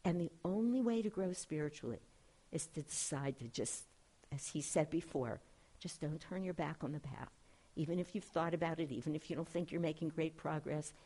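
A low, husky woman speaks earnestly to a small class, reading out spiritual quotations and musing on them. Her voice is dark and mellow, and her tone is gentle. She is a middle-aged spiritual director. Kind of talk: informal spiritual class talk.

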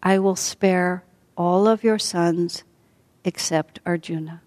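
A woman telling a story who voices a grave, doomed male warrior prince, speaking in a solemn, quiet and resigned way. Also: lowish voice, steady tone, slow pace, dry recording. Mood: resolute.

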